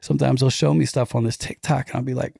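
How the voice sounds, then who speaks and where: A man in his forties, a former pastor guesting on a podcast, talking casually and telling lively stories with mocking quoted voices and frequent restarts. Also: mid-range voice, fast talker, gravelly, slightly rough, no room sound, clean studio sound. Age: 40s. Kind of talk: casual conversation.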